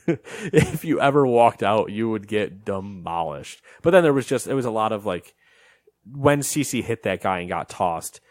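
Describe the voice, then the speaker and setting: A man co-hosting a casual podcast chat, telling a story in an animated way and acting out what people said. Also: on the low side, no room sound. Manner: animated storytelling, acts out quotes. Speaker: podcast co-host.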